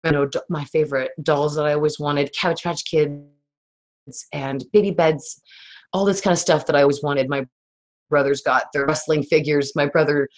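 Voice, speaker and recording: Woman host, 30s, raspy today; loose chatty livestream delivery, lower pitch. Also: steady tone, normal speed. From Texas. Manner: rambling, laughs often, reads viewer comments. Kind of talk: casual livestream chat.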